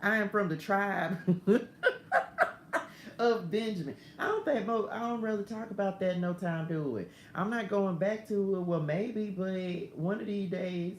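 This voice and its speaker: A middle-aged woman hosts a casual morning spiritual livestream over a phone stream, chatting away, laughing often and wandering into side stories. Her voice is mid-range and a little slow, with a faint hiss or hum. The room sounds roomy, with light ambience in the background.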